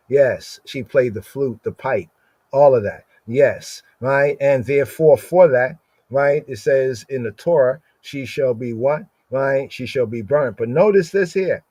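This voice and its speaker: A man's voice: medium pitch, darkish tone, no echo. Man teaching scripture, "right?" after every phrase. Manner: explains Hebrew words aloud, repeats "right?" constantly; slows down to read Hebrew verses. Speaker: Bible teacher.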